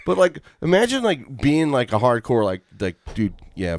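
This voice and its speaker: A man's voice: medium pitch, big pitch swings, normal speed, dry recording. A man hosting a casual podcast chat, laughing often and rambling through stories with lots of fillers. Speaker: podcast host.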